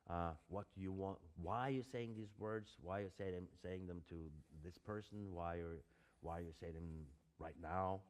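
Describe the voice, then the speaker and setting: A man's voice: sits low, fairly even intonation, moderate pace. A man, an acting teacher giving a lecture, hesitant and full of fillers and restarts.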